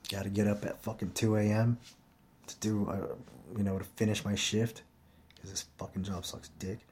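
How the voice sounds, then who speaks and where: A tired man with a slightly low voice talks straight to his viewers. He rambles and curses freely as he tells a story from his own life, in a casual and plainspoken way. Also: flat delivery, moderate pace, a little mellow, a little hiss or hum. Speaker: vlogger.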